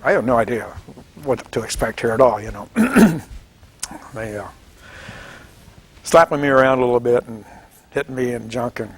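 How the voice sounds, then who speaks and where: A man in his seventies from Washington State, telling his story in an oral history interview, animated and chuckling, acting out the voices of people he quotes. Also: medium pitch, moderate pace, long pauses, slightly rough. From Washington State, United States. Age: 70s. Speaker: veteran interviewee.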